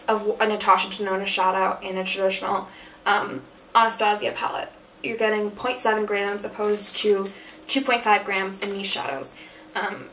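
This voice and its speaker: A woman's voice: on the high side, a bit bright, recorded from a distance, slight background noise. A young woman reviewing beauty products in a casual chat, frank and full of fillers. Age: young adult. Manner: chatty, frank, many fillers. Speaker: beauty vlogger. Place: room at school.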